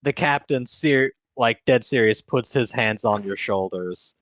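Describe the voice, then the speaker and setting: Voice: medium pitch, unhurried, no echo. A game master narrating a tabletop role-play stream in a casual, profane way, with frequent restarts. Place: home streaming setup.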